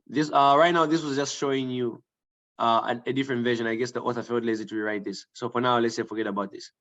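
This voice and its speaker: A man's voice: medium pitch, steady tone, fast talker, fairly bright tone, lo-fi sound. A man teaching a writing lesson, thinking aloud with fillers and restarts and often checking in with the class. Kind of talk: online grammar lesson.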